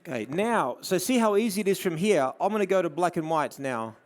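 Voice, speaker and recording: Man, Australian accent, slightly raised pitch, live camera demo, chatty explanations, quiet praise to a model. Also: sing-song, brisk. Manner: coaxing a model with soft murmured praise between explanations. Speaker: photography presenter. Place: studio demo before an audience.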